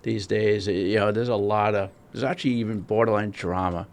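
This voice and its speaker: A man's voice: lowish voice, fairly even intonation, moderate pace. A man from Rhode Island co-hosting a podcast in casual chat, talking in a loose, chatty way and tagging lines with "right?" and "you know". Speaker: podcast co-host. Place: studio, on camera.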